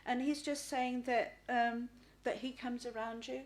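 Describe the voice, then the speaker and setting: A middle-aged woman giving a live spirit reading as a psychic medium. She talks haltingly, repeats words and often asks "please?". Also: fairly high pitch, fairly even intonation.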